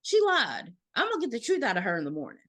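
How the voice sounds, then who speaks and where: Bright, animated woman telling a story. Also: mid-range voice, racing. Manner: animated storyteller, acts out quotes, swears freely. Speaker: podcast co-host. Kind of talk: casual storytelling chat.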